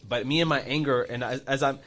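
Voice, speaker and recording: A man telling a story in a casual chat, profane and animated, acting out the voices of people he quotes. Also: medium pitch, fast. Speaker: podcast co-host.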